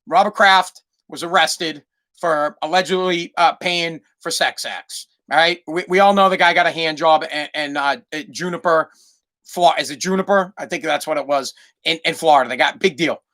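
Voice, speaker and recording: A man's voice: a little high, normal speed, a bit bright. A man from Massachusetts hosting a solo podcast, rambling through a profane comic rant and repeating himself as he goes. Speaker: podcast host.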